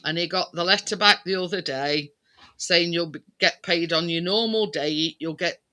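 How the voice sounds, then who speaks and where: A man's voice: fairly high pitch, moderate pace, sharp tone. A man hosting a casual chat, talking chattily and repeating himself as he quotes conversations. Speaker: livestream host.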